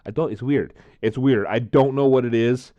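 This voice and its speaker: A man chatting casually to camera while tasting drinks, rambling, repeating himself and filling pauses with frequent "uh, um" sounds. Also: medium pitch, dark tone, dry recording, dull audio.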